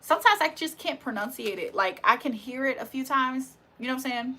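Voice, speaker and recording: A woman's voice: high voice, lively intonation, brisk, sharp tone. A young woman hosting a live stream in casual chat, laughing often and talking to her viewers as y'all. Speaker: livestream host.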